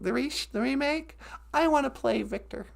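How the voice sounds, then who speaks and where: A woman's voice: high-pitched, normal speed, gravelly. A woman co-hosting a comedy podcast, bantering in a sarcastic, joking way. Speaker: podcast co-host.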